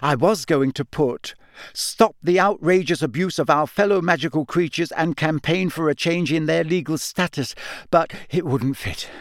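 A man doing a brisk, bossy teenage girl. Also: fairly high pitch, dry recording, clean studio sound, pitched above the performer's own voice, close to an everyday voice. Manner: brisk, insistent, talks over others. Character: bossy, earnest teenage schoolgirl, brisk and determined. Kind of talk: audiobook character voice.

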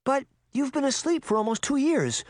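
A man's voice: extremely high pitch, big pitch swings, moderate pace, a little mellow, no echo, studio quality, voice pushed up. A man voicing a worried young girl who keeps asking anxious questions, in a storybook reading. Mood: alarmed. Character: young girl, elder sister, anxious and sharp.

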